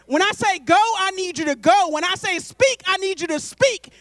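A woman's voice: very high voice, normal speed, fairly bright tone, no room sound, clean studio sound, pitched above the performer's own voice. A woman voicing God as a loving male deity, earnestly calling to be heard. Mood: commanding. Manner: repeated calls of hello, raised and earnest.

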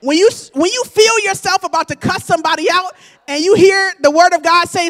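Woman pastor, high-pitched, preaching a sermon and building to shouts. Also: a little fast. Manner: preaching with call-and-response, rising to shouts.

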